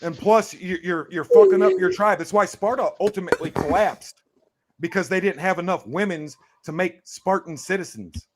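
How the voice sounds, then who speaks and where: A man's voice: sits high, big pitch swings, moderate pace, noisy background. A man on a live discussion panel, blustering and provocative, swearing constantly as he argues. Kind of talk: heated casual debate.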